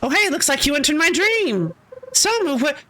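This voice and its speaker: A woman's voice: high-pitched, sing-song, moderate pace, bright, forceful tone, pitched above the performer's own voice, heavily acted. A woman reading the lines of an easygoing, chatty male traveler who has lost his memories. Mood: coaxing.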